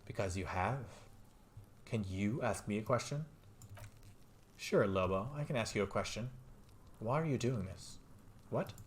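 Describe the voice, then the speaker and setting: Low-voiced man reading game dialogue. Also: slight background noise. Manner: reads dialogue flatly, jumps up in pitch when excited. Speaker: let's play streamer. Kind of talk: reading game text aloud and commenting. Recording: faint game music behind.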